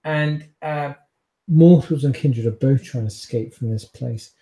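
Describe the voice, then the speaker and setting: A man's voice: medium pitch, unhurried, dark tone. A man narrating as game master of a tabletop game, loose and rambling with many fillers.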